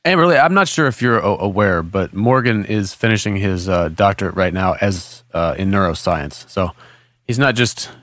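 Lower-voiced wry male co-host. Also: lively intonation, moderate pace, fairly bright tone, no echo. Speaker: podcast co-host. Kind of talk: casual podcast conversation.

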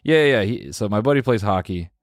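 A man's voice: fairly low pitch, animated, a little fast, dry recording, studio quality. A man co-hosting a casual podcast, laid-back and teasing, laughing as he tells a story. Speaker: podcast co-host. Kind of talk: casual chat.

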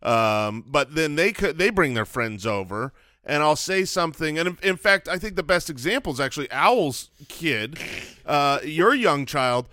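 A man's voice: a little high, lively intonation, moderate pace, pushed and bright, dry recording. A middle-aged man co-hosting a comedy podcast, talking casually with a sarcastic, joking delivery. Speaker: podcast co-host.

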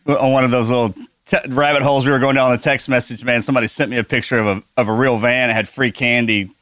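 Male veteran guest, bright tone, relaxed delivery, dry close sound. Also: mid-range voice, fast, no echo. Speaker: podcast co-guest, navy veteran. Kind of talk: casual podcast chat.

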